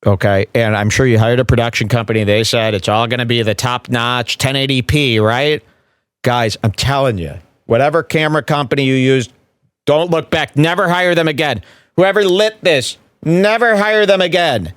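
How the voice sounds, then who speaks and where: A sarcastic man tears into a comedy clip, jumping from scornful asides into loud mocking impressions. His voice sits at an ordinary middle pitch and sounds dry and close, with no room around it. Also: normal speed, smooth, no echo. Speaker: podcast host. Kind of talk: mocking commentary over a clip.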